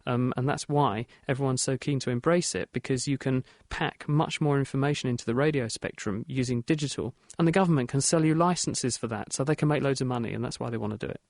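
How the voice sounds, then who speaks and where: A man hosting a radio science show, explaining answers in a brisk, plain-spoken way. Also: medium pitch, gravelly, darkish tone, dry recording, studio quality. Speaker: host.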